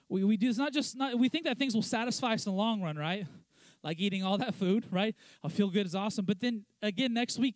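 High-voiced young man preaching casually. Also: no room sound. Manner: conversational, lots of restarts and "let's be honest" asides; acts out quoted lines in a lower, quieter voice. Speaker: pastor. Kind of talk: sermon.

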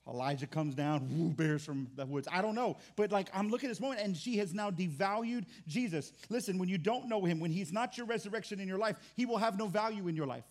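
High-voiced man preaching a sermon. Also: animated, fast talker, few pauses, darkish tone. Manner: impassioned and conversational, with restarts. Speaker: pastor.

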